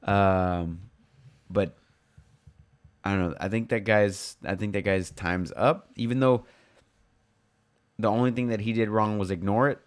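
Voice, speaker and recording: A man's voice: lowish voice, steady tone, unhurried, pauses often. A young man co-hosting a podcast, talking bluntly in casual chat and swearing freely. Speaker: podcast co-host.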